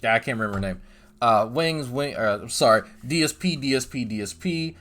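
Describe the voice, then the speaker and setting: A man's voice: medium pitch, animated, brisk, fairly bright tone. A man doing sarcastic commentary over a scrolled page, mocking and repetitive with profane asides. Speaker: commentary YouTuber.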